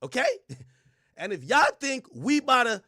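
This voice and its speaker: A man streaming live reaction commentary in a loud, joking, profane rant. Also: very high-pitched, very animated, normal speed, no echo, studio quality.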